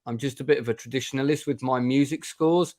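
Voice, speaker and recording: A man's voice: medium pitch, fairly even intonation, fast talker, darkish tone. A man hosting a casual film chat over a video call, talking in a chatty, wry way with dry sarcasm and many restarts. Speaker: host.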